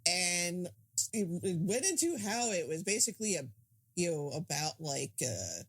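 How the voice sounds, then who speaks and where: A woman's voice: fairly low pitch, sing-song, moderate pace, breathy edge. A woman co-hosting a podcast, chatting casually about a film, hesitant with many restarts but frank. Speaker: podcast co-host.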